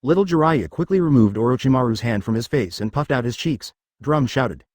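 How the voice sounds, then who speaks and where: A man narrating a web-novel audiobook in a steady read-aloud manner. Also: medium pitch, brisk, dry recording, studio quality.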